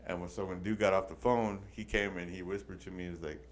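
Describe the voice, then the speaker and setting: Male podcast co-host, low voice, slangy storyteller who mixes in Spanish, faint background noise. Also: steady tone, fast talker. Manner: profane slang-heavy storytelling, Spanish words mixed in. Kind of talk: casual storytelling chat.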